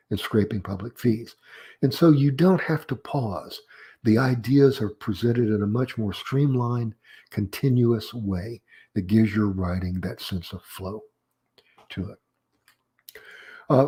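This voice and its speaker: A middle-aged man teaching a recorded grammar lesson, explaining step by step and reading example sentences aloud with careful pauses. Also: fairly low pitch, mellow. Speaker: writing teacher.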